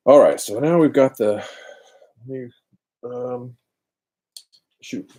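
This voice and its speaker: Speaking slowly in a dark, mid-range voice, a man chats and rambles self-deprecatingly during a craft live stream. He's broadcasting from a cold garage through his computer's built-in microphone.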